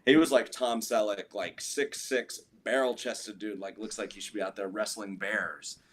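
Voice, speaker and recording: Brief: man with a lowish voice, guest musician, chatty rambling storyteller in a relaxed interview. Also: moderate pace, a little hiss or hum. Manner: rambling, full of "like" and restarts.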